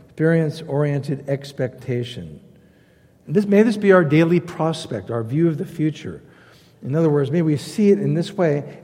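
A pastor preaching a sermon, emphatic, repeating key phrases and swinging between loud stresses and quiet asides. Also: male voice, on the high side. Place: church sanctuary. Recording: long hall reverb.

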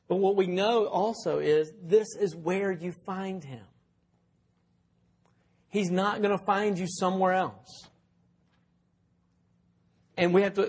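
Husky-voiced man preaching conversationally. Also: high voice, a little mellow. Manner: conversational, asks the listeners questions. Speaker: pastor. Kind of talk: sermon.

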